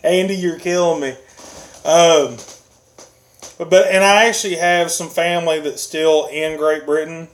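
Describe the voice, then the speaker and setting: A man hosts a casual live stream and often chuckles as he reads viewer comments aloud. His voice is on the high side, and he keeps a measured pace.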